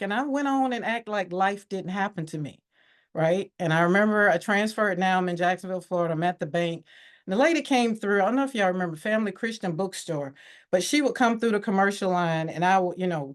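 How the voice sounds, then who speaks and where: A woman as a podcast guest, telling her personal story in a candid, reflective way, livening up when she quotes others. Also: medium pitch.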